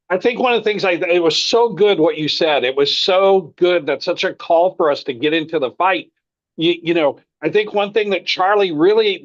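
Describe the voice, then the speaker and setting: Male pastor, high voice, affirming and conversational, muffled lo-fi call audio. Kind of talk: live video-call conversation. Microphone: video call.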